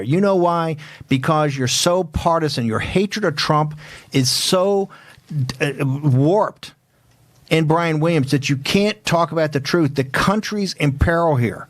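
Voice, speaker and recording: A man hosting a political talk show, speaking in a combative, rapid-fire, emphatic way. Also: a little high, no room sound. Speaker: host.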